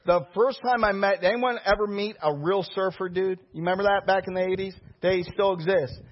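Husky high-voiced male preacher, lo-fi. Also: a little fast, hardly any pauses. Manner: storytelling preacher, animated and conversational. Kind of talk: sermon. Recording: dull lo-fi recording.

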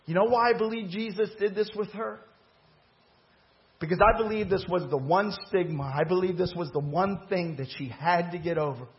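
A male pastor preaches to his congregation, voicing the people in his story as he builds toward each point. His voice sits a little high for a man, and the recording is dull and lo-fi. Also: normal speed. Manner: preaching with rising emphasis and dramatized quotes. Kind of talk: sermon. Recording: muffled lo-fi church recording.

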